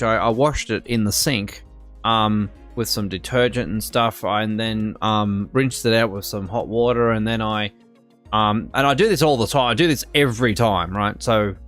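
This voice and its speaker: A man's voice: fairly low pitch, a bit bright. A young Australian man telling a work story in a casual, rambling way, full of fillers and restarts and getting indignant. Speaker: streamer.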